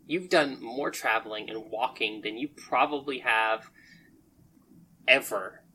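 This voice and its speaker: A woman narrating as game master of a tabletop game, relaxed and descriptive. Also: very deep voice, husky, low-quality recording. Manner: relaxed, descriptive, with casual fillers.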